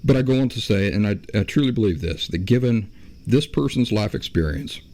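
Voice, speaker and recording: A man hosting a solo podcast, explaining his views in a measured way and often stopping to correct himself. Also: fairly low pitch, animated, mellow. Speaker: podcast host.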